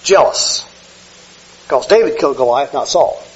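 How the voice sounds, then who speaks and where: A man's voice: medium pitch, expressive, moderate pace, breathy edge, dull audio. A man preaching a conversational sermon, often correcting himself and acting out quoted lines. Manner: conversational, self-correcting, acts out quoted speech. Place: church sanctuary with slides.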